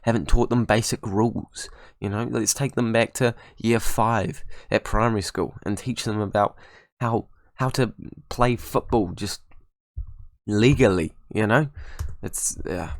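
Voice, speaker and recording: A man's voice: on the low side, creaky, no room sound, studio quality. Chatty young man commentating a game. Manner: chatty, self-mocking, rambling asides. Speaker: gaming YouTuber. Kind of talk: casual gameplay commentary.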